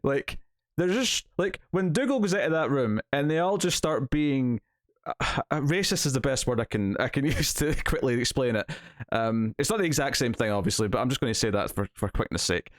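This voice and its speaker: Here a Scottish co-host of a laid-back TV review show speaks briskly with a mid-range voice, full of animation and acting out quotes in put-on voices. The studio audio is clean, with no room sound.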